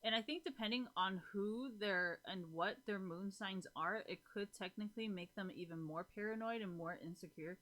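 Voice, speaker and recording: Woman, bright tense voice, casual streamer chat, rambling, swearing, lots of fillers. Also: mid-range voice, normal speed, hardly any pauses. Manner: rambling, swears freely, many fillers, laughs often. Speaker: live streamer chatting with viewers.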